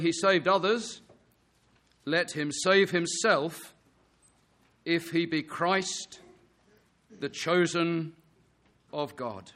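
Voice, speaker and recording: A man's voice: on the high side, fairly bright tone. A man preaching an earnest sermon, reading scripture and pressing his listeners with emphatic rhetorical questions.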